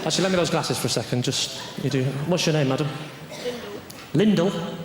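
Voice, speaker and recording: Comedian telling a story on stage. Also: male voice, fairly high pitch, quick pace. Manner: storytelling that builds to shouting. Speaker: stand-up comedian. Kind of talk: stand-up comedy. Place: large theatre stage, live audience. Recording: echoey theatre with loud crowd noise.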